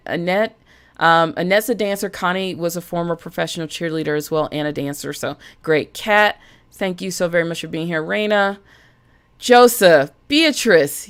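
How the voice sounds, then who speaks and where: A woman hosting a casual live stream as a budget coach, chatty and animated, greeting viewers by name. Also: lowish voice.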